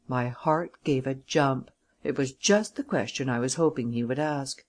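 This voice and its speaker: Steady audiobook narrator, period novel. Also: medium pitch, measured pace. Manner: even, steady storytelling. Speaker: audiobook reader. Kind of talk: first-person scripted narration of a period novel.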